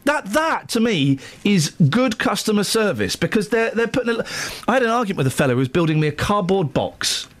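A man's voice: high-pitched, a little fast, few pauses. A man hosting a radio show, chatting casually and telling jokey stories. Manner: jokey, storytelling, animated.

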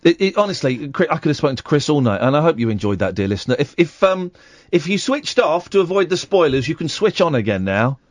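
A man hosting late-night radio, speaking in a high, animated voice that jumps all over the place. His delivery is jokey and mock-outraged, full of restarts and tangents. The studio mic sounds close and dry. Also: quick pace, no echo. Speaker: radio host. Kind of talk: late-night phone-in chat. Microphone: studio microphone.

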